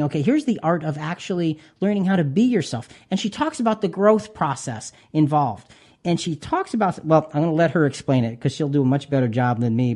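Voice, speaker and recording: A man's voice: fairly high pitch, a little mellow. A man hosting a Christian talk radio show, talking earnestly with many restarts. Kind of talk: casual radio chat.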